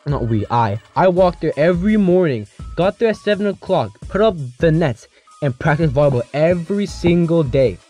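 A teenage boy telling a casual storytime, rambling and slangy, with lots of restarts and animated asides. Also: on the high side, moderate pace. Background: faint background music.

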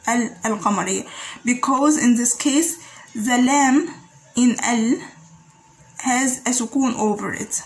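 A woman's voice: on the high side, takes it slowly, long pauses, a little mellow, rough recording. A woman teaching grammar patiently, repeating each example word several times. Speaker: Arabic teacher. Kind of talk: grammar lesson explanation.

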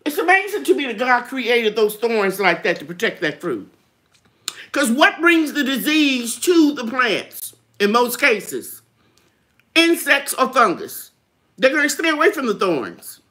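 A chatty middle-aged woman with a drawl hosts a live gardening chat. Her voice is bright and forward, and she laughs often. She stretches out words when she wants to stress them. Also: on the high side, sing-song, measured pace. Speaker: gardening channel host. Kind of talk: live chat reading viewer comments.

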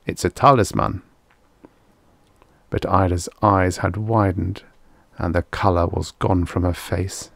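A man narrating a vintage science fiction short story at a measured pace. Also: deep voice, flat delivery, gravelly, dry recording. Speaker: audiobook narrator.

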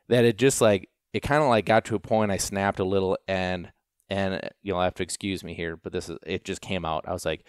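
A man who trains gundogs, casually telling a long story in an animated, self-deprecating way, with lots of fillers. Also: on the low side, smooth, dry recording, clean studio sound.

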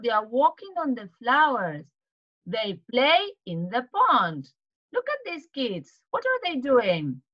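A woman teaching to children, retelling a storybook in an animated way, with gasps and questions to the kids. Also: fairly high pitch, muffled recording.

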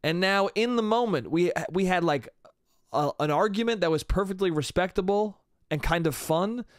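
A man's voice: high-pitched, animated, moderate pace, no echo. Rambling young man, dry close mic. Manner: rambling, casual, swears a lot, trails off with "I don't know". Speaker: podcast host. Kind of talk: solo comedic podcast monologue.

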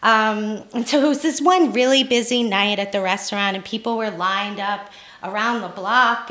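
Slow-talking, laughing woman storyteller. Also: medium pitch. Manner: animated, laughing, self-deprecating. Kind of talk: live personal storytelling. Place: storytelling event in a small theater space. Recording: echoey room.

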